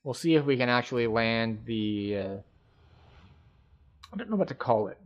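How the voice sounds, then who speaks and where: Game streamer, male, mid-pitched, easygoing running commentary that explains each move. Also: animated, normal speed, muffled recording. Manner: thinks aloud, explains game mechanics at an easy pace. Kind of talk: casual gameplay commentary.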